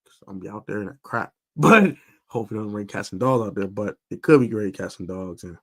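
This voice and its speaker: His pitch is fairly low and his pace quick. As a sports podcast host previewing football on a live stream, he speaks emphatically with animation, leaning on fillers and repeating points to stress them.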